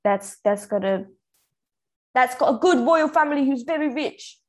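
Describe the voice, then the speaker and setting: Playful higher-voiced young woman. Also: animated, moderate pace. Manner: playful, teasing, laughs easily. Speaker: podcast co-host. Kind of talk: casual chat.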